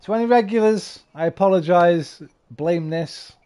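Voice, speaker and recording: A man streaming games, tipsy and slightly slurring, rambling and swearing, swinging from loud bursts to low mumbles. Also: normal speed, smooth. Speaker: game streamer. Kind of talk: casual stream chat.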